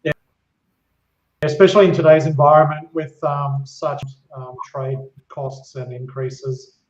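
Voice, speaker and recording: A hesitant man speaking as a guest on a live Q&A, pausing often on ums and uhs. His voice sits a bit high for a man. The audio sounds roomy and muffled. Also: level tone. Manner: hesitant, filler-heavy. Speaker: property specialist guest. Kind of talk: casual live-stream chat.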